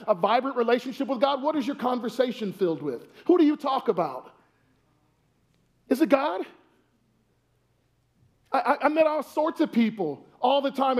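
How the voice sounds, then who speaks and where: A male pastor preaching a sermon in a church, animated, asking many rhetorical questions and stumbling into restarts. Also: extremely high pitch. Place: church sanctuary. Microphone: wears a microphone.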